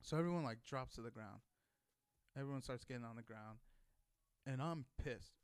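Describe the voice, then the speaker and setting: A man's voice: mid-range voice, moderate pace, clear, resonant tone. A young adult man telling a rambling, profane story in a casual way, with many restarts. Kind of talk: casual anecdote.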